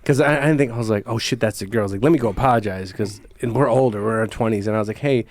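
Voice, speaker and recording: Fast-talking, profane man hosting a podcast. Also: fairly low pitch. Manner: profane, animated storytelling. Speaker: podcast host. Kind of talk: casual chat.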